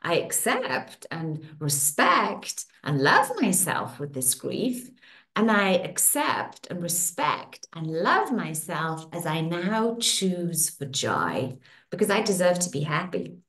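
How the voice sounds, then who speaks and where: Slow, lively-voiced woman leading affirmations. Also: on the low side. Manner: slow, soothing, repeating affirmations. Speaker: facilitator leading a women's circle. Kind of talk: guided tapping affirmations. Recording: echoey room.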